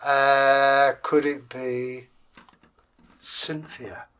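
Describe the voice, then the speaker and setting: A man voicing a young queen who is melodramatic and teasing, with a shrill manner. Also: level tone, extremely slow, fairly bright tone, clear, resonant tone.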